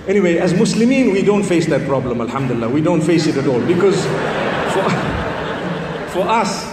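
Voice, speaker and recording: Man preacher, light joking storyteller, high voice; distant mic, roomy hall, faint noise underneath. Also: very animated, moderate pace. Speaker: Islamic preacher. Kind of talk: humorous lecture to an audience.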